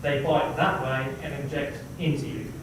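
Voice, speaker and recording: A man's voice: on the high side, fairly even intonation, moderate pace. A man with an Australian accent, an audience member talking matter-of-factly at a convention panel. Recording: echoey hall, far from mic, noisy.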